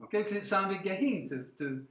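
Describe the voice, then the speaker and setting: High-voiced older English lecturer, RP accent. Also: male voice, animated, fairly quick, fairly bright tone, roomy sound. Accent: English received pronunciation. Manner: checks in with "okay?", slips in foreign words. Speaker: university lecturer. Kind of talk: classroom lecture.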